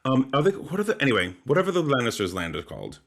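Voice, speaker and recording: A man's voice: mid-range voice, huge pitch swings, fast, a bit bright. A man co-hosting a podcast in casual chat, rambling and hesitant as he searches for words. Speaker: podcast co-host.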